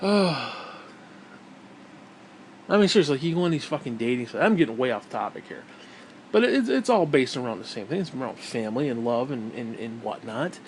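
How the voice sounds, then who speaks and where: A man's voice: mid-range voice, big pitch swings, normal speed, a little hiss or hum. A man, hosting his own show in a crude, bitter, rambling rant full of restarts. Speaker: vlog host. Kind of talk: profane rant.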